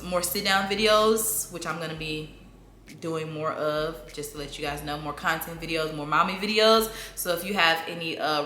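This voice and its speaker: A young woman chats through a casual parenting Q&A, laughing easily and jumping into playful high voices when she shows how she talks to her toddler. Her tone is bright and a little low-pitched, and the sound carries the echo of a bare room at home with a faint hum behind her. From southern United States. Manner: chatty, laughs often, lively acted-out baby-talk bursts. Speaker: mom vlogger answering viewer questions. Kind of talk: casual sit-down Q&A. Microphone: camera mic. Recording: echoey room, faint room noise.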